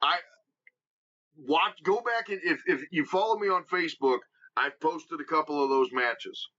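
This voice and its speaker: A man with a Midwestern American accent, guest on a podcast, telling stories in an animated, emphatic way and acting out what others said. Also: on the high side, normal speed. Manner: animated storyteller, emphatic, acts out quotes. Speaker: guest wrestler. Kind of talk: casual storytelling interview. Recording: dull lo-fi podcast audio.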